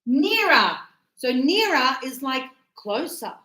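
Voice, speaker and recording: A woman teaching English grammar to a class, stretching out words slowly and checking in with "yes?" and "right?". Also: high voice, big pitch swings, bright, forceful tone, roomy sound, rough recording. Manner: encouraging, checks understanding with tag questions; slow, drawn-out words for teaching.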